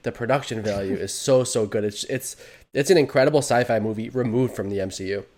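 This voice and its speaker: A man's voice: mid-range voice, darkish tone. A man co-hosting a movie podcast, talking enthusiastically in casual chat. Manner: enthusiastic, quick, laughs often. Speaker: podcast co-host.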